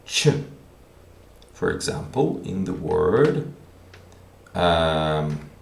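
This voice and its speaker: A man gives a video language lesson in a low voice that rises and falls a lot. He talks patiently, repeating words and thinking aloud, with some roominess around him. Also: very animated, extremely slow, creaky, a little hiss or hum. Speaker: language teacher. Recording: roomy echo.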